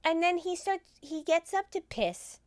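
A woman's voice: extremely high pitch, animated, measured pace, no room sound. A woman co-hosting a comedy podcast, recapping a film in crude, laughing chat and acting out the lines.

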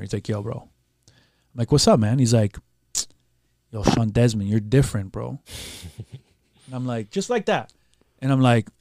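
A Canadian podcast guest with a medium-pitched voice tells a casual, animated story, swearing freely and acting out others' words. There's no echo on the recording.

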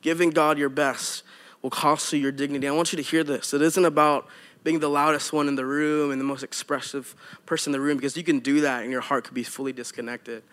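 Male pastor, young adult, high-pitched, animated and conversational from the pulpit. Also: quick pace. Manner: animated, conversational preaching with asides. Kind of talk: sermon.

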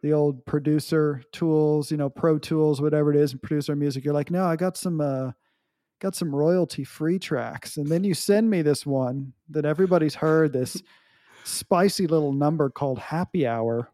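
Nasal podcast dude, joking around, kinda higher voice, dry close mic. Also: male voice, normal speed, dark tone, no room sound. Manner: joking, teasing banter. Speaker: podcast co-host. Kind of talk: casual chat.

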